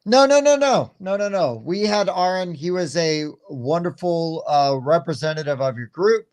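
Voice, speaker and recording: A man's voice: a little high, expressive, normal speed, darkish tone, clear, resonant tone. A man in his thirties hosting a live chat stream, rambling and jokey, with lots of fillers. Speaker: podcast host.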